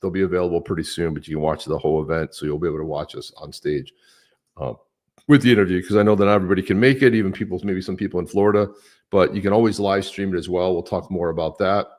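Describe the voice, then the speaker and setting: A man's voice: low voice, fairly even intonation, fast, darkish tone. A man co-hosting a live stream, chatting casually and upbeat, greeting viewers by name. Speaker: podcast co-host.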